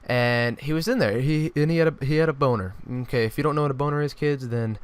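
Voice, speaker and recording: Animated teen guy telling a story. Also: mid-range voice, quick pace, clean tone, no echo. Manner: animated storytelling with frequent restarts. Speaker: YouTuber. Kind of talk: storytime vlog.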